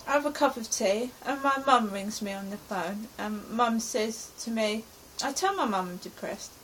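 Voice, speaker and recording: A woman's voice: fairly high pitch, measured pace, fairly bright tone, a little hiss or hum, low-quality recording. A middle-aged woman from England giving an anxious, rambling account of her day as a personal diary. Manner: anxious, rambling present-tense retelling. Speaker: vlogger.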